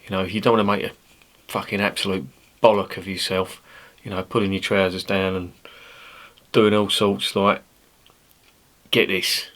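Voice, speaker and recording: A man's voice: deep voice, level tone, normal speed, long pauses, fairly bright tone. A man, giving a casual, rambling, sweary beer review monologue. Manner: rambling, sweary, blunt banter.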